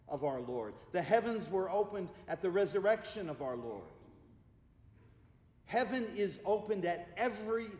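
A man preaching a sermon as pastor, speaking with emphatic repeated refrains and easing into hushed, slow prayer. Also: on the high side. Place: church sanctuary. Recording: echoey church hall with long reverb.

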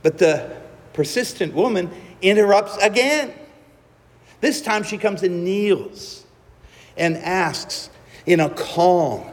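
A man preaching a sermon, telling the story slowly and dramatically with acted-out quotes. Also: a little high, in a large hall.

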